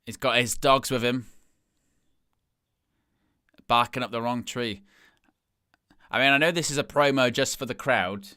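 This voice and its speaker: A man's voice: medium pitch, unhurried, pauses often, pushed and bright, smooth, no echo, studio quality. A man hosting a live stream, giving casual watch-along commentary and thinking aloud as he talks.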